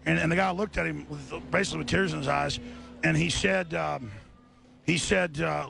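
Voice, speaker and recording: Worked up after a scuffle, an agitated man hosting a live radio show recounts what happened, emphatic, repeating words and restarting often. His slightly high voice, fairly bright with vocal fry, moves at a moderate pace through a studio radio mic, with faint music behind.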